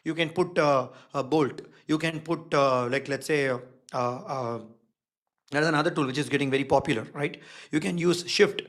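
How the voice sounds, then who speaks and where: A man's voice: on the high side, moderate pace, fairly bright tone. Emphatic design instructor man. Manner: keeps checking in with the audience; emphatic, repeats key words. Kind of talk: live online workshop teaching.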